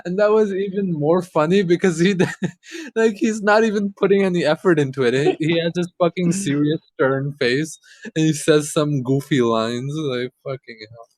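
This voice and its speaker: A man's voice: fairly high pitch, normal speed, darkish tone, dry recording. A young man co-hosting a podcast in casual chat, telling a story with lots of swearing and laughter. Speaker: podcast co-host.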